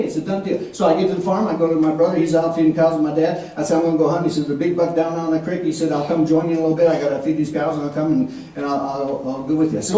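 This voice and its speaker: A man preaching a sermon as an animated storyteller, acting out voices and laughing often. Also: fairly high pitch. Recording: echoey room from far off with faint noise.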